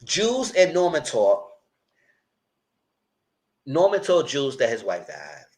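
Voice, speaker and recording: Animated man recapping a TV episode. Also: mid-range voice, takes it slowly. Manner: animated, acts out characters' lines in quotes; chatty, addresses viewers directly. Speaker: TV show reviewer. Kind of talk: casual live TV recap.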